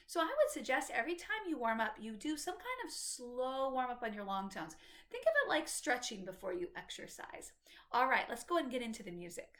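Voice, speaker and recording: Patient woman music teacher, bright lively delivery, roomy sound. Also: fairly high pitch. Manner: patient, explanatory teacher talking to students. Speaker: flute instructor. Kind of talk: instructional music tutorial.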